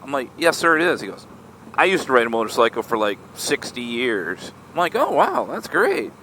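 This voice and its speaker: Animated, chatty man outdoors. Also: medium pitch, fairly quick, slight background noise. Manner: animated, chatty, lots of "right?" asides. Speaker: motorcycle vlogger. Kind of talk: casual storytelling vlog.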